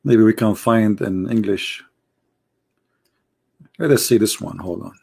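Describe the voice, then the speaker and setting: A man's voice: lowish voice, unhurried, vocal fry, darkish tone, breathy edge. Sarcastic man with an Arabic accent. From Arab world. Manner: sarcastic, mocking, full of rhetorical questions; loose, broken grammar with many "like" and "brother". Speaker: host of a live debate stream. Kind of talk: casual live-stream talk.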